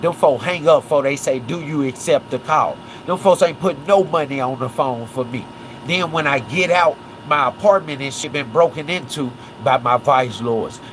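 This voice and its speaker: A man's voice: medium pitch, slight background noise. A man from Memphis, hosting a casual livestream. He breaks down a case and keeps checking in with "right?" and "watch this". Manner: animated, repeats "right?" and "watch this". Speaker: livestream host.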